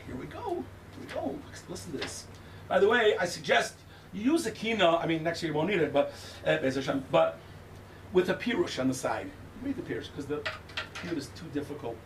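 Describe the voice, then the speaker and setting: An older man giving an impassioned Tisha B'Av lecture in a synagogue, shouting at its peaks and using Hebrew terms with a Yiddish-style pronunciation. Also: high-pitched, roomy sound. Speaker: guest speaker. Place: synagogue hall. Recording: distant room mic with faint noise.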